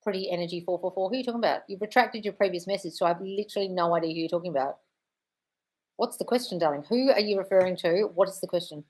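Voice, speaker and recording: A woman's voice: on the low side, fast talker, darkish tone. A woman coach hosting a live Q&A, reading viewers' chat questions and answering bluntly, swearing freely and calling people darling. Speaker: manifestation coach.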